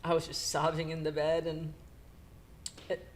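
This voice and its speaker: A middle-aged woman co-hosting a podcast, retelling a painful personal story in a halting, emotional way with nervous laughs. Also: low voice, completely flat delivery, slight background noise. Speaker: podcast co-host.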